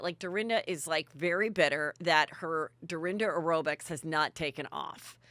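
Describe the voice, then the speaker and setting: A woman host recaps gossip in a breezy, bawdy chat. Her voice is a little low for a woman, yet bright and forceful. The sound is close and dry, with no room around it. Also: moderate pace, no echo. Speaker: podcast host.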